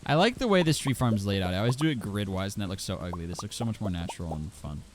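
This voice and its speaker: Over music, a man with a fairly low voice talks fast while streaming a farming game. His casual commentary is animated, aimed at chat, and full of exclamations about loot.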